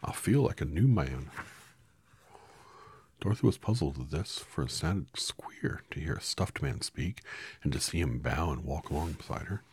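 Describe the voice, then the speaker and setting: A man reads a storybook aloud in a casual manner, correcting small slips as he goes. His voice is extremely deep and gravelly with a husky texture. The sound is dry and close. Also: animated, moderate pace, dry recording. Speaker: reader.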